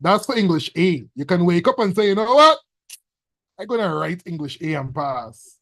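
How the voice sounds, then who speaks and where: A man teaching a casual exam revision class, teasing students with loud bursts. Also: on the high side, animated, moderate pace, no room sound, studio quality.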